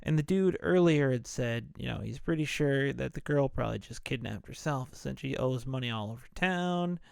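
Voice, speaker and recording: Man, podcast host, laid-back profane storytelling, smooth clear voice, dry close mic. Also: mid-range voice, moderate pace, darkish tone, no room sound. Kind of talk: casual movie recap podcast.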